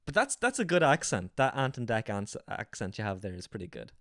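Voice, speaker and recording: A man's voice: on the low side, very animated, brisk, a bit bright, no echo, studio quality. A man with an Irish accent, hosting a casual comedy chat show, rambling and correcting himself as he goes. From Ireland. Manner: rambling, self-correcting, laughs often. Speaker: host.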